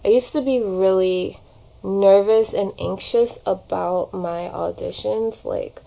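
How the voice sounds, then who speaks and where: A woman's voice: mid-range voice, fairly even intonation, slow pace, creaky, dark tone, poor audio. A woman vlogger chatting casually while doing her makeup at home. She rambles a little and fills her talk with "like", recorded by a camera propped nearby. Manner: chatty, rambling, many "like" fillers. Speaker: vlogger and actor. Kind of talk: casual get-ready-with-me chat. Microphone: camera propped on a shelf.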